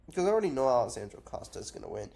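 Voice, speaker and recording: A man's voice: medium pitch, very animated, very fast, gravelly, background noise. A man giving casual, rambling fight predictions, blunt and profane, unwell and drowsy from cough syrup. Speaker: MMA predictions vlogger. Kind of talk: casual unscripted commentary.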